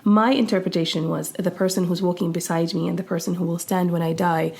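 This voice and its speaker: A woman co-hosting a podcast in casual conversational discussion, talking quickly and thoughtfully with frequent restarts. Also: lowish voice, fairly even intonation, creaky, darkish tone. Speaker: podcast co-host.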